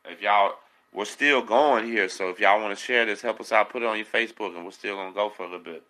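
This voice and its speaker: Dude hosting a live stream, lowish voice, pushing viewers to hit like. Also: male voice, quick pace, low-quality recording. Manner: urging viewers, relaxed slang. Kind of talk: casual live-stream talk.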